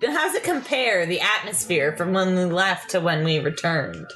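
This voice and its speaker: A woman's voice: lowish voice, animated, normal speed, fairly bright tone, faint music behind. A woman playing a tabletop game, chatting in a playful, eager way. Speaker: player.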